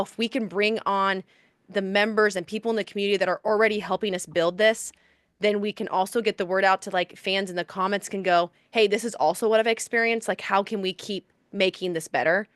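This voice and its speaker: A woman co-hosts a podcast in casual chat, her voice at a middle pitch. She gushes and rambles, with lots of fillers. The sound is dry and close. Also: steady tone, brisk, fairly bright tone, clear, resonant tone, no echo. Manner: gushing, effusive, lots of "like". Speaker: podcast co-host.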